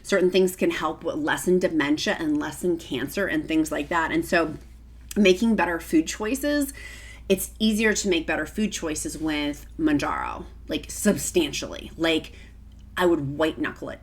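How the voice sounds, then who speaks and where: A woman's voice: low-pitched, lively intonation, moderate pace, husky. A middle-aged woman vlogging to camera in a casual, emotional, gushing way, often close to tears. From Virginia, United States.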